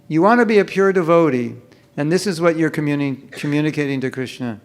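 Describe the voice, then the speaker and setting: A man with a fairly high, gravelly voice teaches a hall full of people at a chanting workshop. He talks with a playful, joking manner and now and then mimics someone chanting in a lazy mumble. He speaks live into a microphone. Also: fairly quick, slight background noise. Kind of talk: humorous live workshop talk.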